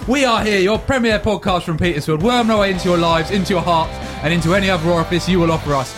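Quick, high-voiced podcast host. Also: male voice, music in the background. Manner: jokey, mock-grand introductions, laughs often. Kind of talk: casual comedic podcast banter.

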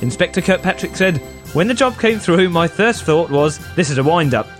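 A man's voice: fairly high pitch, lively intonation, normal speed, soft background music. A man co-hosting a casual comedy podcast, reading a news story aloud and laughing often. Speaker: podcast co-host.

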